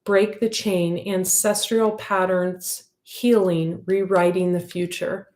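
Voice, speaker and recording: A woman reads tarot for her audience in a loose, heartfelt way, full of filler words. Her voice sits a little low for a woman. The room around her is echoey. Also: little pitch movement, slow, darkish tone. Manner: rambling, heartfelt, many fillers. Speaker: intuitive tarot reader. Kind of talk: casual spoken intuitive reading.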